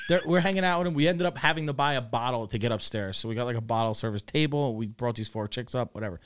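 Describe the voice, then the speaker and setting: A man's voice: mid-range voice, quick pace, a bit bright, smooth. A man, a guest on a casual podcast, telling a crude, profane anecdote with lots of swearing and laughter, in a mid-range voice. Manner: laughs through his own story. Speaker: guest storyteller.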